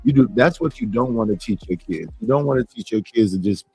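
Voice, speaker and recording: A blunt man with a husky edge in his voice, riffing casually as host. The sound is close and dry, with faint music underneath. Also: lowish voice, brisk, no room sound, low-quality recording. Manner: blunt, animated, acts out quoted arguments. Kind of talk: casual commentary.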